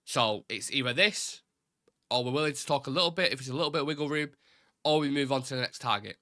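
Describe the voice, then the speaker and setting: A young man from Salford, Greater Manchester, with a Mancunian accent hosts a live fan talk show, reading out viewer chat questions and answering bluntly. He's opinionated, swears, and talks fast and animatedly in his mid-range voice. The audio is studio quality with no room sound.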